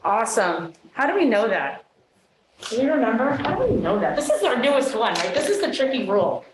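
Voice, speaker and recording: Brisk woman teacher in echoey room. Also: fairly high pitch, sing-song, heavy background noise. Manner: brisk quizzing questions and praise. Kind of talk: classroom phonics demonstration. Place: meeting room.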